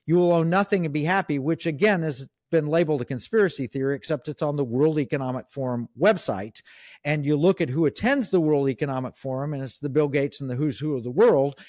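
A man's voice: fairly high pitch, a little mellow, no room sound. Emphatic middle-aged man, dry close sound. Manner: emphatic, opinionated, with frequent restarts. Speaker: guest, economic commentator. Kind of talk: interview conversation.

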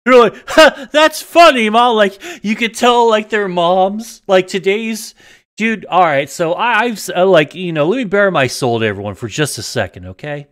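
Excitable man streamer, very lively pitch. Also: normal speed. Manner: excitable, swearing, prone to sudden yelling outbursts. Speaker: game streamer. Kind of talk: casual live-stream chat while gaming.

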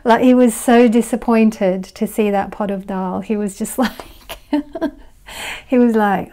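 A woman giving a casual pick-a-card tarot reading, chatty and rambling, laughing often and dropping into soft asides. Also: mid-range voice, steady tone, measured pace. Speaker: tarot reader and life coach.

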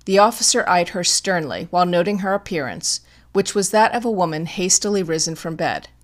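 Brief: audiobook narrator, woman, slightly low, deliberate storytelling. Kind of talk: scripted narration.

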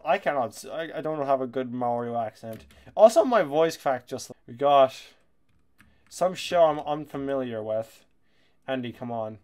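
A man giving casual, excitable commentary over a video game, laughing and swearing often. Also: medium pitch, a little slow. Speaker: gaming YouTuber.

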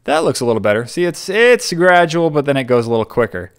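Lively rambling young man narrating a game build. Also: a little high, fast talker, clear, resonant tone. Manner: rambling, chatty, stumbles over words. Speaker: gaming YouTuber. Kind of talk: casual Minecraft build commentary.

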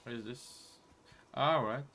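A man giving excitable live gameplay commentary in broken English, taunting the enemies he fights. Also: medium pitch, slow pace, slight background noise. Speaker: gameplay streamer. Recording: game music playing underneath. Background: game music.

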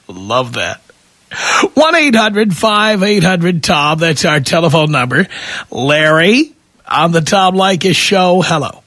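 A male radio host on a call-in show, brisk and amused, with a lively, bouncing pitch. He talks into a dry, close studio mic with no room sound. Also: dry recording. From New York.

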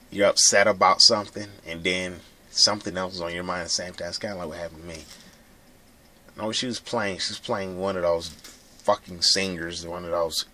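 Young man, very low voice, rambling blunt vlog monologue with plenty of swearing. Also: pushed and bright, slight background noise. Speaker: vlogger. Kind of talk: rambling casual monologue to camera.

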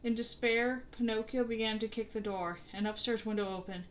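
A woman reading a children's story aloud in a steady, expressive way. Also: on the high side, fairly quick, muffled recording. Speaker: storybook reader.

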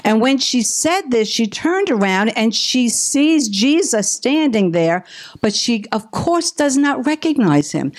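A woman pastor preaching a sermon with emphasis, acting out the scripture quotes as she goes. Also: on the high side.

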